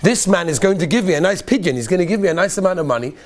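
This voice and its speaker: Man doing a calm old Rebbe, lower and softer, patient explaining. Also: racing. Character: wise, gentle elderly Hasidic Rebbe explaining kindly.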